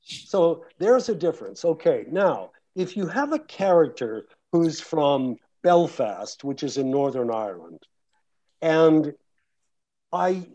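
Mellow-voiced man, dull lo-fi recording. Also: fairly high pitch, big pitch swings, slow. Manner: rambling, with many restarts and fillers. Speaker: audiobook narrator and guest speaker. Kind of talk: casual talk to an audience.

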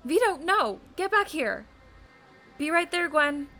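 High-voiced woman in an emotional audio drama. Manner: emotional, accusing, then flat and slow. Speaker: character Erin.

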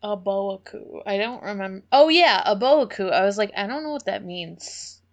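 A woman's voice: mid-range voice, lively intonation, moderate pace. A woman co-hosting a podcast in casual chat, swearing freely and laughing a lot, her eyes itchy from allergies. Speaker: podcast co-host.

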